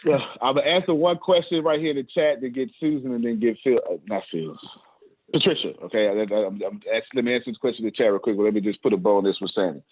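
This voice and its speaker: A man's voice: mid-range voice, fast. Man coaching over tinny call audio. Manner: preachy and emphatic, repeats words, laughs between points. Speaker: success coach hosting a group call. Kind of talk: motivational coaching talk.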